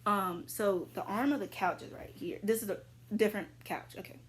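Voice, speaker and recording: A young adult woman vlogger casually answering viewer questions, rambling with lots of fillers and jumping into sudden high squeals. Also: moderate pace, slight background noise. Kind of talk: casual chat.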